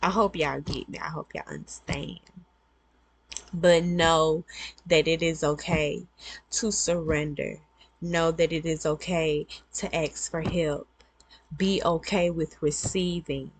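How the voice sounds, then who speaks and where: Brief: woman vlogger, slow unhurried delivery, lowish voice, earnest advice talk. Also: steady tone, slightly rough. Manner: earnest, repetitive, conversational. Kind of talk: casual advice monologue.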